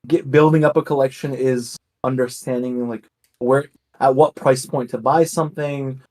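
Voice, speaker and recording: A man chats casually as a guest co-host. He speaks in a relaxed, matter-of-fact way, with a middle-pitched, ordinary voice. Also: normal speed. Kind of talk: casual chat.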